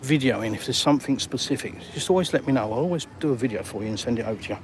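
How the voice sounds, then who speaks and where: Racing along in a mid-range voice, an older English vlogger with an English accent chats casually on a live-streamed walk by the water. He's matey with viewers and reads their comments as he goes, while street sounds and passing vehicles come through clearly in the background.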